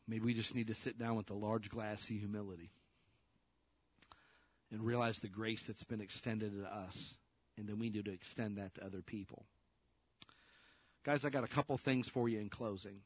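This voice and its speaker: A man's voice: on the low side, fairly even intonation, moderate pace, long pauses, husky, no room sound. A man preaching a sermon in a casual, direct way, putting rhetorical questions to his listeners.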